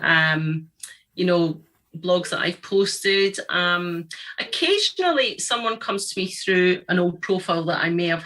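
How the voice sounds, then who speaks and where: A woman's voice: on the low side, fairly bright tone. A woman talking casually as an interview guest over a video call, chatty and friendly, often ending with tag questions. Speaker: guest, tutoring business owner.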